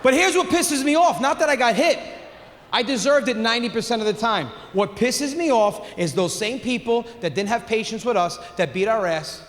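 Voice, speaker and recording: Loud middle-aged comic. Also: male voice, very high voice, normal speed. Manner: loud, animated storytelling. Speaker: stand-up comedian. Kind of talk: stand-up comedy set. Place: theater stage with live audience. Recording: live hall reverb, faint room noise.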